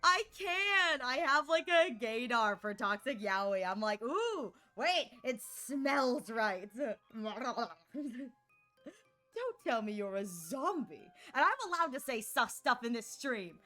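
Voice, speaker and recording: High-pitched woman streamer, gushing and excitable, live gameplay commentary over quiet music. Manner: giddy, gushing, fast reactions and gasps.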